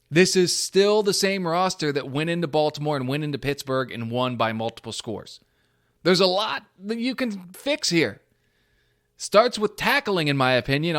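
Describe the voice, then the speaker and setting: Animated man hosting a solo podcast. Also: fairly high pitch. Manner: animated, self-deprecating, thinking aloud with restarts. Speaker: podcast host. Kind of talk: solo sports podcast commentary.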